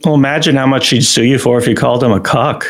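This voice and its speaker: A man's voice: fairly even intonation, fast. A man guesting on a comedy podcast, riffing crudely and swearing often. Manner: crude, riffing comedian with wild swings in pitch. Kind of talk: casual comedy podcast chat.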